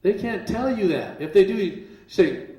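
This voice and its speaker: A man presenting a live seminar to an audience, casual and joking, then forceful and emphatic as he makes his points. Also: high-pitched, expressive, normal speed, roomy sound, dull audio.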